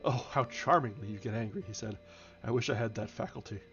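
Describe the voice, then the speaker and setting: A man's voice: on the low side, brisk. A man reading a novel aloud on a live stream, with small slips and restarts and light changes of voice for the characters. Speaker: audiobook reader, streamer. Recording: slightly dull home stream audio with soft background music. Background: faint background music.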